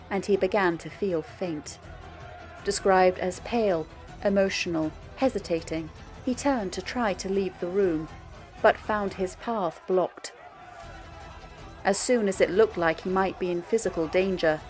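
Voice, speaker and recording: A woman narrating a history documentary in a measured, steady storytelling delivery. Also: fairly low pitch. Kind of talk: scripted narration.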